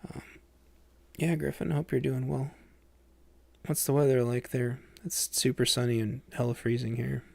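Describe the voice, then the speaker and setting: Man, game streamer, casual chat, gravelly, dry close sound, rambling. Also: mid-range voice, level tone, normal speed, a little mellow, no room sound. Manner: rambling, lots of fillers and restarts. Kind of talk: casual livestream chat while playing a game.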